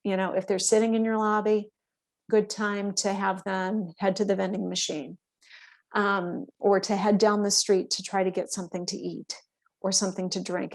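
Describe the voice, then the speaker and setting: A woman giving a calm, explanatory instructional talk to veterinary staff, often checking in with her listeners. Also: medium pitch, gravelly. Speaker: workshop presenter for veterinary staff.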